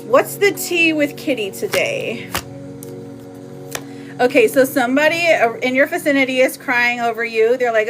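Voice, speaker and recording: A woman's voice: on the high side, unhurried, long pauses, soft background music. A woman hosting a live oracle card reading, chatty and playful, laughing often as she reads for viewers. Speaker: live tarot reader.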